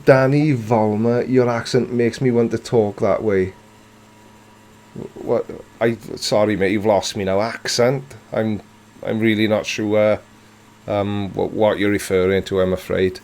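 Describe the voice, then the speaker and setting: Fairly low in pitch, level in tone and a little mellow, this Welsh-accented South Wales man in his forties speaks at a measured pace. Hosting a live stream, he responds to chat dryly, playfully and with self-mockery.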